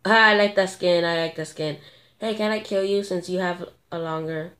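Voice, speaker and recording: A woman commentating her own gameplay, excitable and gasping at sudden moments, thinking aloud and talking to viewers. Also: lowish voice, normal speed. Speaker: gamer.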